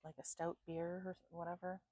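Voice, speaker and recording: A woman doing an intuitive psychic reading at home, calmly listing names and places she picks up, thinking aloud and a bit sleepy. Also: fairly low pitch, normal speed, dry recording, rough recording. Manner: calm, repetitive, thinking aloud. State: sleepy, yawning. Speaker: psychic reader.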